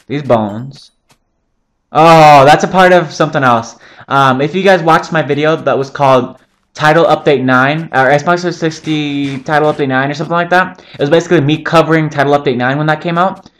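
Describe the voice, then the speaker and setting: A man's voice: fairly high pitch, normal speed, fairly bright tone. A young man giving casual, joking commentary over his own gameplay, rambling between topics and swearing often. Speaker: gaming channel host.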